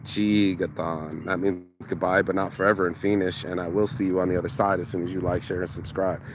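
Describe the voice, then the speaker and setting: A man's voice: sits low, little pitch movement, fast, noisy background. A man giving a casual motivational monologue, slangy and profane, who stumbles over repeated words when he gets going. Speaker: motivational vlogger.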